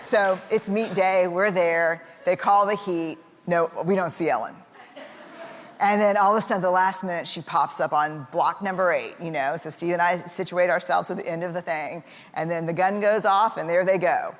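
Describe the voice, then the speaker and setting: In a fairly low, fairly even voice at a normal speed, this woman tells a chatty personal tale about her family, dotted with fillers and laughter. Quoted lines from relatives get acted out, and the recording has the echo of a hall plus faint background noise.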